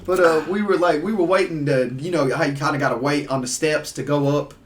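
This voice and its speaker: A man, a podcast guest telling stories in casual chat, animated and acting out the people he quotes. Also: a little high, brisk, distant mic. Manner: animated, laughing storyteller who acts out voices. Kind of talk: casual storytelling.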